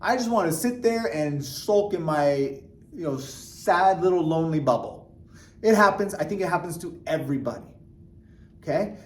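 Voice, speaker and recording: Guy doing a motivational vlog, kinda high voice, earnest, lots of likes and restarts. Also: normal speed. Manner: earnest, animated, many fillers and restarts. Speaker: vlogger. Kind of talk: casual motivational talk to camera.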